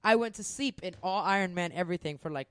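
A woman's voice: fairly low pitch, fast talker, smooth, dry recording. A woman co-hosting a casual podcast chat, telling stories with feeling and plenty of swearing. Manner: emotional, swearing, animated storytelling.

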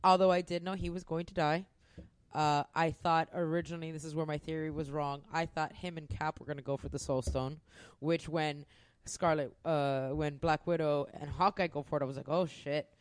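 A woman's voice: sits low, normal speed, clean tone, no echo. A woman co-hosting a casual podcast chat, telling stories with feeling and plenty of swearing. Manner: emotional, swearing, animated storytelling.

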